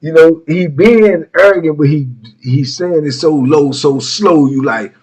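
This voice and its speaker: Very husky man telling prison stories. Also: on the high side, measured pace, darkish tone. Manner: laid-back street slang, rambling asides. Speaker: storyteller host. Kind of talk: casual prison storytelling. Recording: muffled lo-fi recording.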